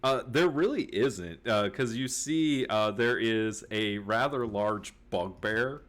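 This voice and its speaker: A man narrates a tabletop game as game master, setting each scene in an unhurried way. His voice sits a little low and he takes his time. He sounds relaxed and amused.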